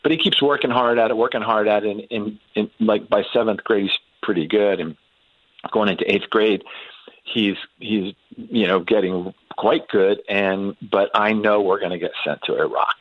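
A middle-aged man telling a long personal story in casual conversation, halting and restarting with frequent ums. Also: fairly low pitch, fairly even intonation, no room sound, phone-quality sound. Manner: unhurried, halting anecdote with many restarts and ums. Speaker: guest.

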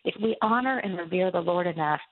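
A woman author talking as a guest on a Christian radio interview, telling a faith story in an earnest, halting way with many restarts. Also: lowish voice, a little hiss or hum. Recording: tinny phone line.

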